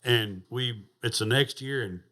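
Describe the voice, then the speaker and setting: With a bright, forceful tone in a mid-range voice, this man speaks a little slowly. He's a rodeo champion on a podcast, laughing through a rowdy, foul-mouthed story in relaxed conversation.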